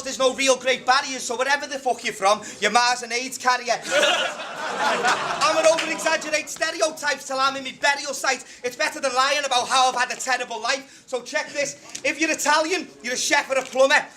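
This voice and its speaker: Scouse young man, battle rapper, very high voice, loud brash jabs, noisy live recording. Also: fairly even intonation, fairly quick. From Liverpool, England. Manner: loud, brash, mocking insult delivery. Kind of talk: live rap battle performance.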